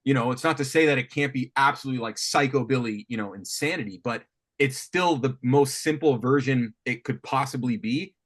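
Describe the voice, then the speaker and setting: A man coaching a student on writing guitar riffs, thinking aloud with lots of restarts and animated talk. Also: mid-range voice, brisk. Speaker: music coach. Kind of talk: teaching songwriting on a call. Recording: faint guitar music behind.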